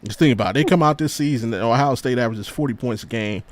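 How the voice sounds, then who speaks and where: A man's voice: mid-range voice, fast talker, no echo. A man co-hosting a sports podcast, speaking casually with slang and reading out viewer comments. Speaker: podcast co-host.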